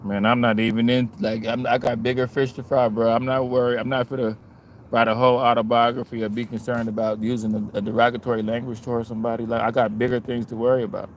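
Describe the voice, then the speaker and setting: A man's voice: medium pitch, flat delivery, fast talker, a little hiss or hum. A man in his forties talking straight to camera in a casual, profane rant, repeating "man" and "bro" as he makes his points. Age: 40s. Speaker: vlogger. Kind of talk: casual monologue.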